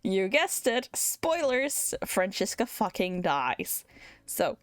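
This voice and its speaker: A woman VTuber giving a casual, animated game recap, giggling often and swearing casually. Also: mid-range voice, slow, no echo. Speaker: VTuber streamer.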